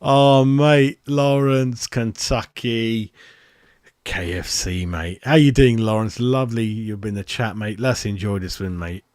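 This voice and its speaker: Excitable matey man. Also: fairly low pitch, measured pace, no room sound, clean studio sound. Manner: excitable, matey, chats to viewers by name. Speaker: fan channel host. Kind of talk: live match reaction chat.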